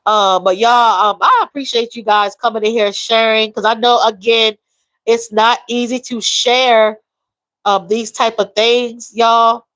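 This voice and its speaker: A woman's voice: a little high, steady tone, measured pace, a bit bright, dry recording, poor audio. A woman, talking openly and emotionally while reading out viewer comments. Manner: emotional, reads viewer comments aloud, drawls. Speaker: livestream host. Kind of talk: casual live-stream chat.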